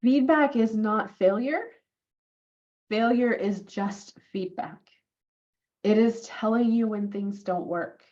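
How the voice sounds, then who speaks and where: A woman in her forties telling a personal story on her vlog. She is animated and acts out what other people said, using it to coach business owners. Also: medium pitch, slow pace, long pauses, lo-fi sound. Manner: animated, acts out quoted lines.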